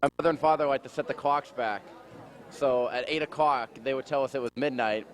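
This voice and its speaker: Man telling family stories, relaxed. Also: medium pitch, brisk. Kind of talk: casual storytelling.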